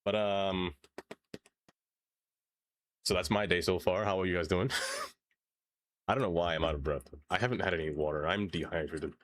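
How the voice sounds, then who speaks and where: A man's voice: sits low, steady tone, normal speed, long pauses, no room sound. A man live-streaming, chatting casually with his viewers and pets, laughing often and rambling. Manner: giggly, rambling, talks to chat and pets.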